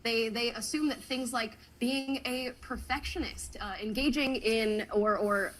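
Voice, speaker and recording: A woman's voice: on the high side, fairly even intonation, a little slow, fairly bright tone, poor audio. A woman being interviewed as a guest, speaking assertively with some laughter.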